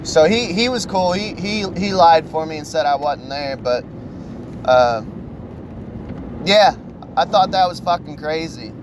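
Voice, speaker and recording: Rambling, foul-mouthed podcaster. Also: male voice, a little high, lively intonation, measured pace, long pauses, background noise. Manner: rambling, profane, full of fillers. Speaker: podcast host. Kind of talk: casual storytelling.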